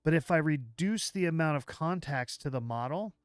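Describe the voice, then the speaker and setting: A man hosting a livestream, walking through software live while thinking aloud, with halting restarts, and chatting with viewers as he works. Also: on the high side, expressive, clear, resonant tone, no echo, clean studio sound. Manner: chats with viewers while working. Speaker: livestream host.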